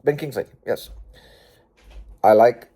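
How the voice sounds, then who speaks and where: A man's voice: medium pitch, slow, noisy background. A man hosting a casual improvised chat, rambling and joking as he plays a door-to-door salesman. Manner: rambling, jokey, playing a salesman. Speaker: host.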